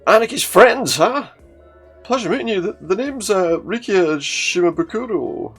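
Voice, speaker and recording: A man voicing an eager young male gangster, reading game dialogue aloud with a raised, excitable voice. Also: high-pitched, unhurried, breathy edge, faint music behind, pitched above the performer's own voice, full character voice.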